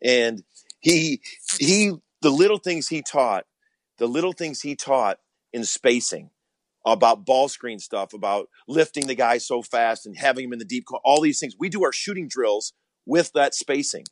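A man's voice: medium pitch, lively intonation, moderate pace. A man, a college basketball coach, answering interview questions earnestly, often repeating words as he starts.

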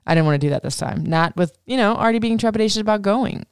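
A woman's voice: medium pitch, expressive, fast talker, clear, resonant tone, no room sound, studio quality. A woman podcast host telling a personal story in casual, rambling talk, full of swearing and "like". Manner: rambling, profane, heavy use of "like".

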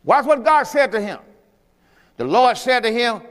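High-voiced preacher shouting in a hall. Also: male voice, expressive, fairly quick. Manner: calls on the congregation to respond; shouting with emphasis. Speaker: pastor. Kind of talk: sermon. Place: church sanctuary. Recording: echoey church hall with music.

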